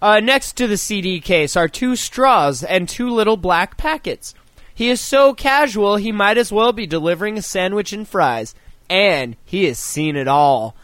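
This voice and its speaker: A man co-hosting a podcast, chatting and reading an article aloud, animated and joking, with frequent swearing. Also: high-pitched, unhurried, dry recording. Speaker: podcast co-host.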